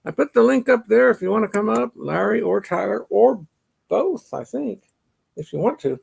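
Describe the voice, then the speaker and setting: A middle-aged man from Chicago's northern suburbs hosts a casual livestream, reading comments, greeting viewers by name and laughing often. His voice is high-pitched, gravelly and husky with a darkish tone, lively intonation and normal speed, and he sounds a little stuffy from allergies.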